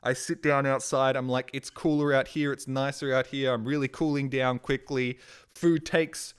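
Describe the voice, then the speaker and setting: Young male streamer, rambling and profane, with a smooth, clear voice. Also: mid-range voice, level tone, normal speed. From Australia. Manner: rambling, swearing, frustrated. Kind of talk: casual storytelling.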